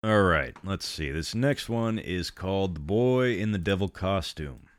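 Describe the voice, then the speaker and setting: Very deep-voiced man reading a horror story. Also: animated, a little slow, no echo, studio quality. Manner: sardonic asides between reading. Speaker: story narrator.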